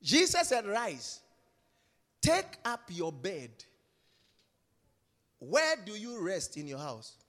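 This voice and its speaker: High-pitched, emphatic male preacher. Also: huge pitch swings, takes it slowly, pauses often, long reverb tail. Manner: emphatic, repeats phrases, swings from shouts to hushed whispers. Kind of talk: sermon.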